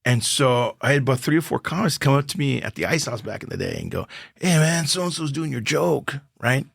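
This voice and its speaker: Speaking fast in a gravelly, medium-pitched voice, an older man who is a comedian guest on a podcast animatedly acts out dialogue while sharing casual stories. The sound is clean studio audio with no echo.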